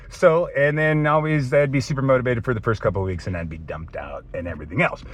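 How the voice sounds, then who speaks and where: A man's voice: mid-range voice, fast. A man in his thirties filming an off-the-cuff fitness vlog. He rambles and says "dude" a lot, and he is choked up. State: teary, choked up. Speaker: fitness vlogger.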